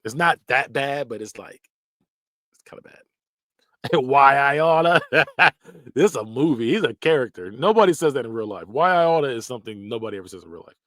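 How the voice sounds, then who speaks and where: Lively, laughing podcast host guy. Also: medium pitch, fast, dry recording, clean studio sound. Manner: laughs often, slips into exaggerated voices for quoted phrases. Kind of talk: casual reaction commentary.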